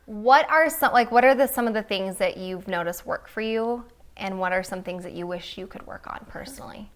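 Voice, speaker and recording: A young woman co-hosting a casual chat among moms, chatty and animated, often laughing as she talks. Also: medium pitch, brisk. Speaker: co-host.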